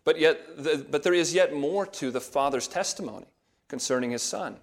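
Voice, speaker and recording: A man preaching a verse-by-verse sermon as pastor, in a measured teaching tone that leans on key words. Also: on the high side. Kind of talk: expository sermon.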